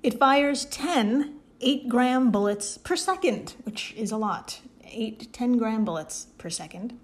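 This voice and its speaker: A woman's voice: a little high, animated, slow. A woman on a casual podcast, playfully explaining a problem step by step with jokes. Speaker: podcast co-host explaining science.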